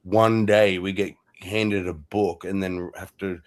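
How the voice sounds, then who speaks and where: A man with an Australian accent chats casually with friends. He is laid-back and sweary and laughs easily. His voice sits on the lower side. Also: level tone, slow pace. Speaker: streamer host. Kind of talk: casual chat.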